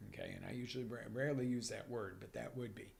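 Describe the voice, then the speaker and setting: A man hosting a live motivational coaching show, talking with energy and swinging from near-whispers to loud bursts. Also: medium pitch, fast, creaky. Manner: energetic, animated, drops to whispers then surges loud. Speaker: life coach and show host. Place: broadcast live on social media.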